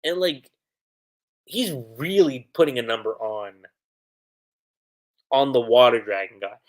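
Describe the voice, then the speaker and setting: A young man talks through an anime episode on a casual livestream, piling up fillers and restarts. His pitch rises and falls in a very lively way. He sits close to a desk mic. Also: measured pace. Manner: animated recap with many fillers. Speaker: anime reviewer.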